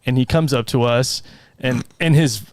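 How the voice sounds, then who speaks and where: A man's voice: medium pitch, moderate pace. A man, a music teacher, guesting on a podcast and telling stories with lots of laughs. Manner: animated storyteller who acts out voices and laughs often. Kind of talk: casual podcast chat.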